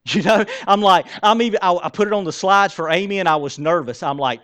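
Animated preacher, fairly high voice. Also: male voice, brisk, smooth. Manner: conversational, animated preaching with self-deprecating asides. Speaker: pastor. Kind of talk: sermon. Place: church sanctuary.

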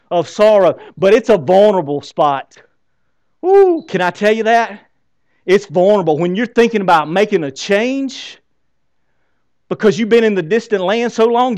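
A male pastor preaching a sermon in an animated way, often asking the congregation questions. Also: high-pitched, dry recording.

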